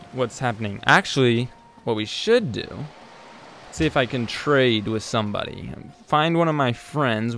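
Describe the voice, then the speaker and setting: A man's voice: medium pitch, fairly bright tone. A man hosting a let's play, talking through his game in a rambling, hesitant way with many ums and self-corrections. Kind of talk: casual gameplay commentary. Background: faint game music.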